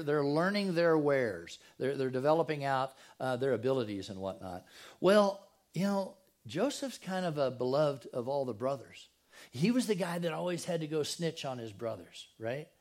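A man delivers a sermon in a church. His voice sits a little high for a man, and he keeps it casual and joking, tossing questions to the people in front of him. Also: a little mellow. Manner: casual, joking, talks straight to the congregation. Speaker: pastor. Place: church sanctuary.

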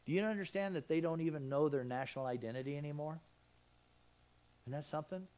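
A man's voice: fairly high pitch, fast talker, darkish tone. A man with a Southern accent preaching a folksy, conversational sermon, often asking his congregation questions. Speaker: pastor.

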